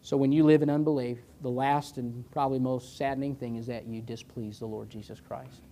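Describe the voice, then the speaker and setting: A man with an American accent preaching a sermon as pastor, pleading with passion and swinging from loud, climbing lines to low, hushed ones. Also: steady tone, fairly quick. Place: church sanctuary.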